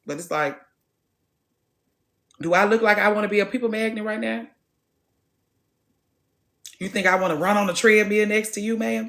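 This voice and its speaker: A woman in her late thirties, chatting casually to her viewers from the gym. She talks in an animated way, swings between loud and soft, and swears freely. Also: mid-range voice, a little slow, pauses often. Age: late 30s. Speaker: vlogger. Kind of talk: casual chat to camera.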